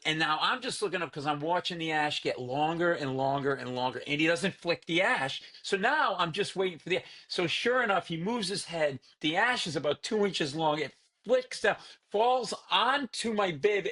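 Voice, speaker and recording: A man telling family stories in a loose, animated way, slipping into the voices of his relatives. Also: a little high. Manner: animated storyteller who acts out family characters. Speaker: comedian guest. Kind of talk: storytelling in casual conversation.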